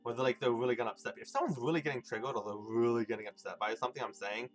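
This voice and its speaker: A man's voice: medium pitch, steady tone, rapid-fire, soft background music. A young man streaming a video game, rambling loosely and chuckling as he chats with his viewers. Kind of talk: casual live gameplay commentary.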